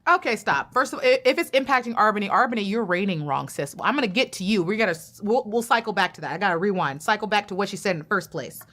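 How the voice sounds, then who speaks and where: A woman's voice: mid-range voice, lively intonation, quick pace, few pauses, a bit bright. A woman commenting bluntly and sassily. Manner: blunt, sassy and emphatic. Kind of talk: opinionated reaction commentary.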